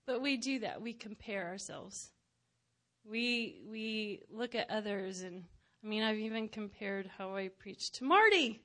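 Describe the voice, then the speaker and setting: A woman preacher chatting casually in a goofy, giggly way, laughing often and sometimes dropping to a hushed aside. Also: mid-range voice, expressive, slow pace. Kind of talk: casual personal chat.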